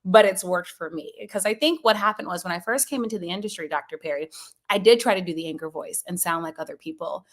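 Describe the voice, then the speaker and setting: A woman from Maryland, a sports journalist, chatting as an interview guest in a lively, talkative way with frequent laughs. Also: fairly low pitch. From Maryland, USA. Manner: lively and talkative, quick laughs, fillers like "you know". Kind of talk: casual interview chat.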